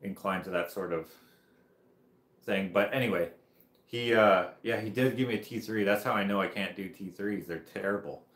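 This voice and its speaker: A man's voice: lowish voice, moderate pace, a bit bright. Rambling, laughing man in a roomy space. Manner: rambling, laughing, lots of "like" and restarts. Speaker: livestream host. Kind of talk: casual storytelling. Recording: roomy echo.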